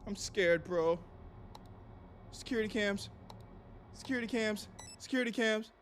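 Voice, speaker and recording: A young man streaming a horror game live, reacting in a panicky, excitable way, swearing and repeating himself. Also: high voice, a little slow, a little hiss or hum.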